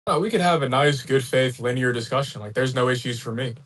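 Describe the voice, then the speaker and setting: Fast-talking smug taunting man. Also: mid-range voice, fairly bright tone. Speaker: debate guest. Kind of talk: streamed debate talk.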